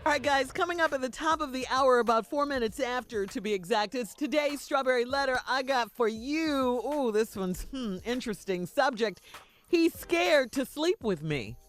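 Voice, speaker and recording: A woman's voice: high voice, moderate pace, hardly any pauses. A woman co-hosting a morning radio show, teasing and laughing with the crew. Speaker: radio co-host.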